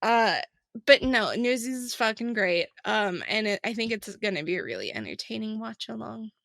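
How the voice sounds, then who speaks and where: A young woman co-hosts a casual podcast, chatty and teasing. Her voice sits a little high and is recorded dry and close. She laughs often as she talks. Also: expressive, normal speed, vocal fry, fairly bright tone, dry recording. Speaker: podcast co-host. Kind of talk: casual chat.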